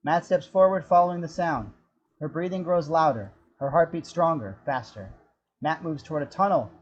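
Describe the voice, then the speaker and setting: A man narrating the action description of a screenplay in a steady, descriptive storytelling manner. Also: fairly high pitch, normal speed, muffled recording, a little hiss or hum. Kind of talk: scripted narration.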